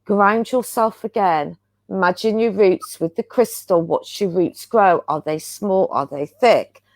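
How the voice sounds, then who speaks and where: A woman's voice: mid-range voice, unhurried, dry recording. Chatty woman, dry close sound. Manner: chatty, earnest, rambling. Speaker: guest healer. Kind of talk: casual spiritual chat.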